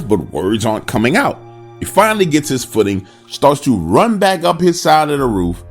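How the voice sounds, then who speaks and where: Dramatic male horror storyteller. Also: fairly high pitch. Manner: dramatic, addresses listeners directly. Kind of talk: first-person horror story narration.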